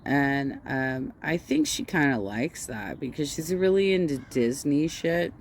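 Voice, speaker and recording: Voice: medium pitch, big pitch swings, measured pace, a little hiss or hum. A commentator doing casual reaction talk, blunt and mocking. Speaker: commentary streamer.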